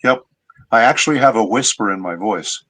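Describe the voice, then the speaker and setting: A man's voice: on the low side, animated, a little fast, pushed and bright, low-quality recording. A middle-aged man, a voice actor guest, explaining his craft in a patient, teacherly way during a casual interview.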